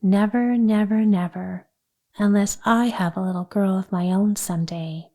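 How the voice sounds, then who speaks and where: A woman reading an audiobook, voicing an excitable little girl who gushes breathlessly. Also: medium pitch, normal speed, lightly acted. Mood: passionate. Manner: breathless, gushing storyteller. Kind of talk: audiobook character voice.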